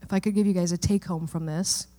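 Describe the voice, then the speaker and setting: A woman's voice: fairly low pitch, fairly even intonation, quick pace, warm tone. A middle-aged woman pastor preaching a sermon in a church, in a conversational way that often checks in with the listeners.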